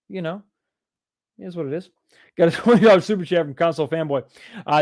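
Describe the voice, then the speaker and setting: A man chats casually on his livestream in a voice pitched a little above the usual male range. He rambles and often repeats words and restarts sentences. His loudness swings between bursts and softer stretches. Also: fast talker. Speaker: livestream host.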